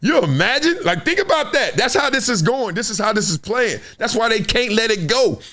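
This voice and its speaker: Lively high-voiced man talking sports. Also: fairly quick. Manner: lively storytelling, acts out quotes and sound effects. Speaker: show host, former NFL player. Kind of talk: animated sports talk monologue.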